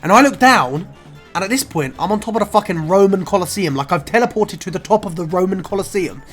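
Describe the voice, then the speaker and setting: A man's voice: sits high, fast, soft background music. A young man, telling a casual, expletive-laden story for his vlog. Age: 20s. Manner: animated, swears often, says "bro" a lot. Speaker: vlogger.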